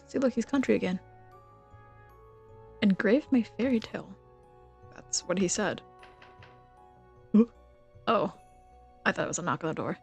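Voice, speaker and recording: Giggly woman streamer with a gravelly edge. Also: mid-range voice, a little mellow. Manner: teasing, giggly banter with chat. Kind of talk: casual gameplay commentary, reading game text aloud.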